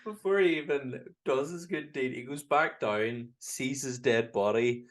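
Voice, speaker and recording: A man's voice: mid-range voice, measured pace. A Northern Irish man co-hosting a podcast in casual chat, animatedly retelling scenes, dipping into character voices and laughing often. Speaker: podcast co-host.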